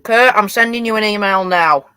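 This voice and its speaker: A man's voice: high voice, moderate pace, sharp tone, clear, resonant tone, low-quality recording. A teenage male host with a Yorkshire accent, chatting casually on a live stream and answering viewers' messages while running model trains. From Yorkshire, England. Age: teens. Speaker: livestream host.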